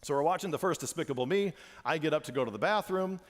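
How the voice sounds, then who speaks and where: A man and father giving an animated church presentation to parents, repeating phrases for emphasis, in a church hall. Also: a little high, fast talker.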